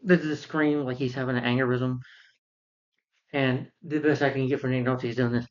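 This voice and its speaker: A man's voice: medium pitch, level tone, normal speed, dull audio. A man giving a casual, rambling film review, retelling scenes and acting out characters.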